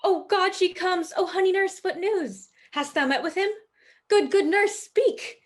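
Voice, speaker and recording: A woman's voice: high-pitched, expressive, normal speed. A woman playing an eager, impatient young girl in a video-call staged reading.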